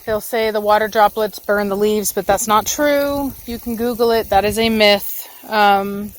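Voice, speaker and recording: A woman's voice: medium pitch, a little slow. A woman dog breeder chatting casually in her backyard while she waters the garden, rambling along with lots of fillers. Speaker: dog breeder and channel host.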